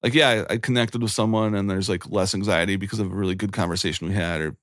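Man, forties, very low pitch, casual chat, rambling, earnest, filler-heavy. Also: steady tone, quick pace, a bit bright, no room sound, studio quality. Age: 40s. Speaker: guest.

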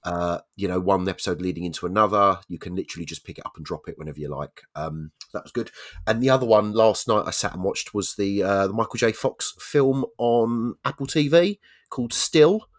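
Deep-ish guy chatting on a podcast, rambly. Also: brisk. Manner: rambling, many fillers and restarts. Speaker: podcast co-host. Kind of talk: casual chat.

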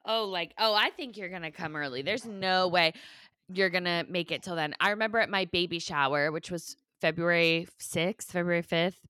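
Animated, bright-voiced young woman storyteller. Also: fairly low pitch, normal speed, clear, resonant tone, no echo. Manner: animated storyteller, lots of "like", swears casually. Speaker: podcast co-host. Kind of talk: casual chat.

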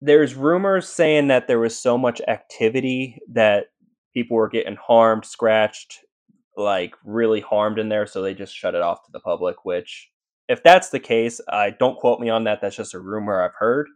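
A man's voice: on the low side, normal speed. A man, a paranormal investigator, telling his stories as a podcast guest in a rambling way, full of fillers and restarts. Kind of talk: casual storytelling in a podcast interview.

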